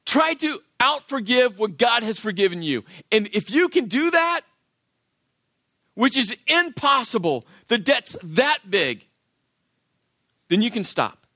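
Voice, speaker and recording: A male pastor preaching a sermon in an animated way, acting out the voices of biblical characters. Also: very high voice, slow, long pauses, dry recording, studio quality.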